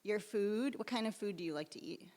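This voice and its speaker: A woman's voice: mid-range voice, brisk. A woman who leads children's religious education, chatting encouragingly with children at a service. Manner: warm, encouraging questions to kids. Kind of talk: gentle chat with children. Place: church sanctuary. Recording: long hall reverb.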